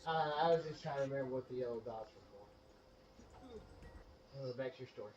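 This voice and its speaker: A man's voice: medium pitch, quick pace, darkish tone, echoey room, muffled recording. Man chiming in. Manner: chiming in with short interjections and teasing. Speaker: gaming channel co-host. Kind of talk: casual chat over gameplay.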